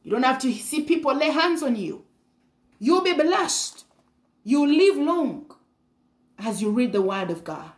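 Fervent woman preacher, lively pitch. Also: normal speed, reverberant. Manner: fervent, repeats hallelujah, stumbles over words. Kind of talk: sermon.

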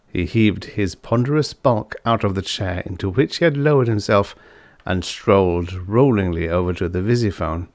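A man narrating a vintage science fiction short story as an audiobook, in a measured storytelling manner. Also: sits low, no echo. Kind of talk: scripted narration.

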